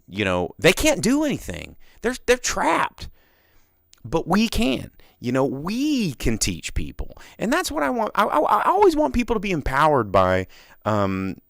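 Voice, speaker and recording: Gravelly, animated male podcast host. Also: medium pitch, no echo, clean studio sound. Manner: animated storyteller who acts out voices, many restarts. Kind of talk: casual live solo podcast rant.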